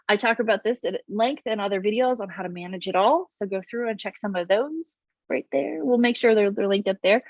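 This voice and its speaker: A woman in her thirties hosting her own vlog as a business coach, talking to camera in a bubbly, animated way with playful exaggerated voices. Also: mid-range voice, no echo, highs cut off. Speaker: business coach and channel host. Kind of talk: upbeat direct-to-camera vlog.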